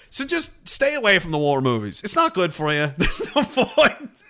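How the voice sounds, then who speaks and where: Man, streamer, casual chat, profane and rambling, bright tense voice, slightly high. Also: quick pace, smooth. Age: older. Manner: rambling, profane, self-interrupting. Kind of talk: casual chat reading viewer messages.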